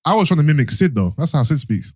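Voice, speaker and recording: A man's voice: fairly high pitch, fast talker, no echo, studio quality. A man hosting a podcast, telling a story and teasing his co-hosts in casual banter. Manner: teasing, storytelling with lively put-on quotes. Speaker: podcast host.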